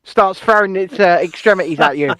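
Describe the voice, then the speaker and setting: High-voiced jokey male podcast co-host. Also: expressive, moderate pace, dry recording. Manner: jokey, breaks into silly put-on voices and snatches of song. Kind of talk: casual chat.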